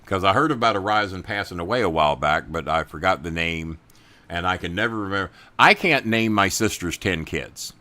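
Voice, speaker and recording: Middle-aged male host, bright forceful voice, dry close sound, profane ranting. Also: low voice, animated, a little fast, no echo. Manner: angry, profane, loud, talks to chat viewers. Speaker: podcast host. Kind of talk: profane political rant and casual chat.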